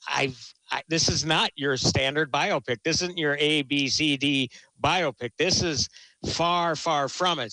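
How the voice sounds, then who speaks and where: A film critic guest chats casually about a movie, enthusiastic and rambling, often restarting his sentences. His voice is a little high with a sharp tone, on a low-quality recording with no room sound.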